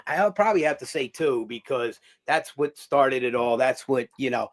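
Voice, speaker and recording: A middle-aged man, telling animated, profane stories as a guest on a talk show. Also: medium pitch, normal speed. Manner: animated storyteller acting out quoted voices, swears freely. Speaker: guest, former boxer and actor. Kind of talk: casual storytelling interview.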